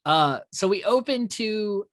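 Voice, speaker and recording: A podcast co-host chats casually about a horror film in a movie review conversation, laughing often and restarting his sentences. His high, expressive voice moves slowly and sounds a bit bright, in a dry recording with clean studio sound.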